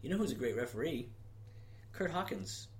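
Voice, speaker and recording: Male co-host, relaxed, agreeable, chimes in often. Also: mid-range voice, normal speed. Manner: laid-back, frequent agreeing backchannels. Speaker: podcast co-host. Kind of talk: casual wrestling podcast chat.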